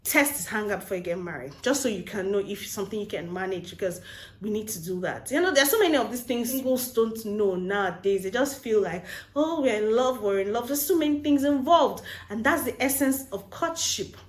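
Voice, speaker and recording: Woman, advice vlogger, lively storyteller, mid-pitched, echoey room. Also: a little fast. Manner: animated storyteller, mixes in pidgin phrases. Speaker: Christian relationship vlogger. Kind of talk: casual advice vlog. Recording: roomy echo.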